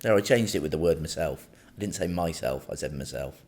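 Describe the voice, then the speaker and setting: A man's voice: a bass voice, animated, brisk, darkish tone. A man co-hosting a casual podcast chat, with a dry, pedantic, playfully argumentative manner. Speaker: podcast co-host.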